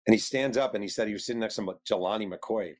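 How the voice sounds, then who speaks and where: Lower-voiced man telling a story. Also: very fast, a little mellow. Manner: storytelling, acts out quotes. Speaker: author guest.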